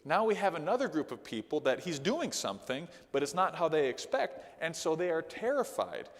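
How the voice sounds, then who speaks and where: A man's voice: fairly high pitch, normal speed, big-room sound. A man teaching a Sunday school lesson in a conversational sermon style, often checking in with "okay?". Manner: animated, conversational, with frequent "okay?" asides. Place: church hall.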